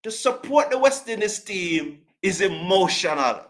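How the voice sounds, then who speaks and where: This cricket host speaks a little slowly in a high voice with lively intonation. He answers live stream chat comments with fervor and emphasis, repeating himself often.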